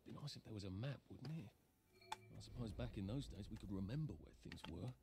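A man's voice: on the low side, lively intonation, fairly quick, gravelly. An actor playing a weary middle-aged man on the run, muttering dryly to himself. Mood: wry. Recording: game audio under noise.

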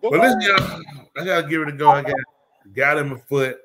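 A man's voice: fairly high pitch, fairly quick, pushed and bright. A man telling a rambling, slangy comic story to a live audience. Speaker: comedy show host.

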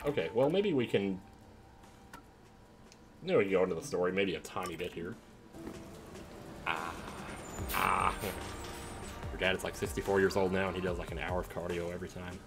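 Streaming a story game over background game music, a young adult man speaks in a low voice at a moderate pace, leaving long pauses. He rambles chattily between gameplay, often trailing off with fillers like "like".

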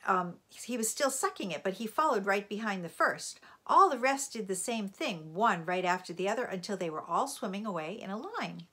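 A woman reads a children's chapter book aloud as an expressive storyteller. Her voice is bright and clear, and it moves lively up and down to carry the tale. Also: medium pitch, normal speed, few pauses. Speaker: library read-aloud reader.

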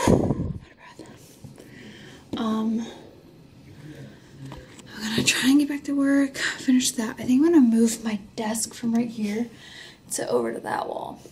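A young woman vlogging at home in casual chat, out of breath and talking in a breathy half-whisper. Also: a little high, measured pace, long pauses, a little mellow, slight background noise. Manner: rambling, chatty.

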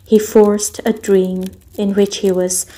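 A woman storyteller reading a novel aloud in calm, measured narration. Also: medium pitch. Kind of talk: audiobook reading. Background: soft ambient music.

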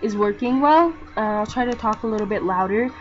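A young woman chatting casually over gameplay, soft-spoken and rambling, with lots of fillers. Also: brisk. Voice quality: soft-spoken, talks low. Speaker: gaming vlogger. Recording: dull lo-fi mic with game music. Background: game music.

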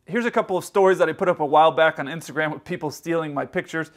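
A middle-aged man, an airline pilot, telling stories from his job in a relaxed, rambling vlog style, with restarts and quoted dialogue. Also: fairly high pitch, rapid-fire. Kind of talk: casual storytelling vlog.

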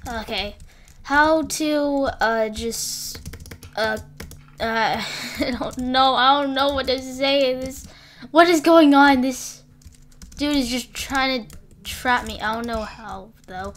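A woman's voice: sits high, slow pace, a bit bright. A young woman rambling through live gameplay commentary, flustered and breaking off mid-sentence. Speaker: gaming YouTuber.

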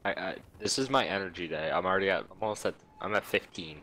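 A man's voice: sits low, fast talker, bright, forceful tone. A man in casual gaming voice chat, joking about his own play over a headset. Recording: noisy voice chat audio.

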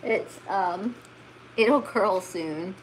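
A woman's voice: medium pitch, very slow, a little hiss or hum. A middle-aged woman breeding huskies, chatting casually on a home vlog, laughing often and cooing at a wriggly puppy. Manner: giggly, fussing and cooing at the puppy. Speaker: husky breeder. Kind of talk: casual vlog chat while handling puppies. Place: home, indoors by a couch.

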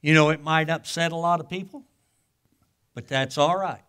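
An older man, a guest pastor, preaching a sermon in a folksy storytelling way, with casual grammar, swinging from loud exclamations to hushed asides. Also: on the high side, normal speed, smooth. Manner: colloquial grammar.

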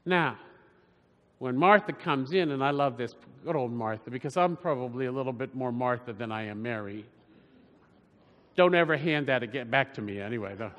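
A man's voice: mid-range voice, moderate pace, a bit bright. A man giving a homily as a preacher, rambling with frequent restarts and asides. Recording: long church reverb.

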